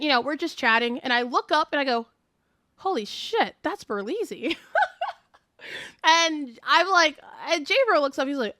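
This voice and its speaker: Bright, excitable young woman streamer. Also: high voice, no echo, clean studio sound. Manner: fast, excitable storytelling with lots of fillers. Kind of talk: casual live stream chat.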